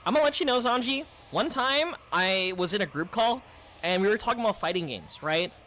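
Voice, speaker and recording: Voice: medium pitch, animated, a little fast, a bit bright. A game streamer chatting casually between play, rambling and laid-back, with plenty of fillers. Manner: rambling, laid-back, says dude and like a lot. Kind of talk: casual gameplay stream chat.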